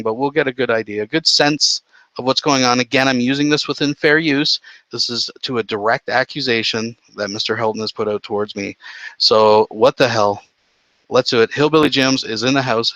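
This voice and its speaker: A Canadian man hosting a livestream, his voice bright and forward as he rambles through his points with loose profanity. The sound is dry and close but dull and lo-fi. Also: medium pitch, no room sound. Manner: rambling, profane, lots of restarts. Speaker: livestream host. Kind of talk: casual livestream commentary. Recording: dull lo-fi stream audio.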